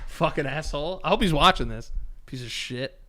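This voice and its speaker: A man's voice: fairly high pitch, expressive, normal speed, background noise. A man co-hosting a podcast, telling a story in casual chat with lots of swearing and quoted voices. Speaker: podcast co-host.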